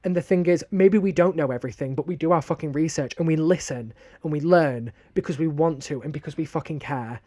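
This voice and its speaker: A man's voice: fairly high pitch, fairly quick, hardly any pauses, warm tone. A young man with a Northern English accent, co-hosting a podcast and telling a story bluntly, with a lot of swearing. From northern England. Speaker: podcast co-host. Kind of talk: casual podcast chat.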